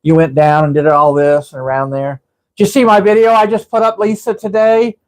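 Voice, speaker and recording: A man's voice: a little high, completely flat delivery, brisk. A man hosting a casual live stream, rambling through stories and chatting with viewers as their comments come in. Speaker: livestream host.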